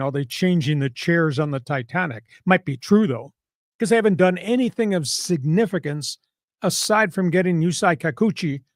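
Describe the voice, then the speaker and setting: A man's voice: sits high, dry recording, studio quality. A man hosting a sports talk podcast in a casual, brash and sarcastic way, with punchy delivery.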